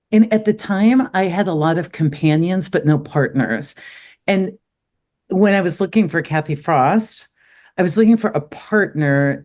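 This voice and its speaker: A woman's voice: low-pitched, a little mellow. A middle-aged woman, a podcast guest, telling candid personal stories in casual conversation. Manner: candid, storytelling, many fillers.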